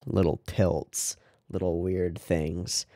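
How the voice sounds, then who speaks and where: This male anime reaction host talks through a scene in a somewhat low, mellow voice, rambling with enthusiasm and saying "like" and "right?" over and over. Yet his delivery is flat and his pace slow, captured in a close, dry recording without any echo.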